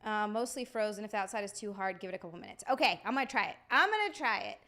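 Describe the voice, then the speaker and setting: A woman's voice: medium pitch, very fast, fairly bright tone, faint music behind. A young woman chatting casually on a live stream, swearing freely and greeting viewers by name.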